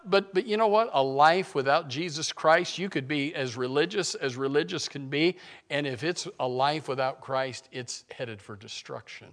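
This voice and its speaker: A male preacher addresses his church at a normal pace, trading loud assertions for subdued, low-pitched moments and peppering the sermon with rhetorical questions.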